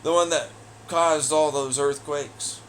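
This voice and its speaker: Male solo ranter, higher-pitched than most, hostile and cursing, loud jeers dropping to mutters. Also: steady tone, takes it slowly, a little hiss or hum. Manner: profane, taunting and hostile; swings between loud jeers and low muttering. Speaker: audio blogger. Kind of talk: angry solo rant.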